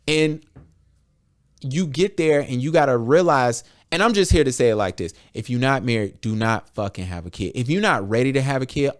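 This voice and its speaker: A young adult American man hosting a podcast, talking candidly and bluntly with lots of swearing, acting out conversations in quotes. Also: mid-range voice. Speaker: podcast host. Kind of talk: candid casual podcast talk.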